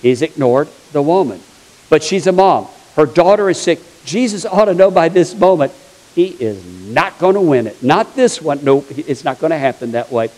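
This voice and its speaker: A man's voice: on the high side, expressive, moderate pace, a little mellow, rough recording. A man preaching a sermon as a pastor, telling stories in a chatty, humorous way. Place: church sanctuary.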